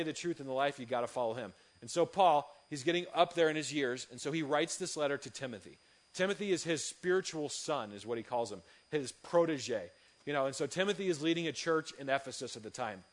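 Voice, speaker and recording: Lively man preaching to youth. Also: fairly high pitch. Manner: lively storytelling, animated and humorous. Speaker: youth pastor. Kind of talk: sermon with personal story.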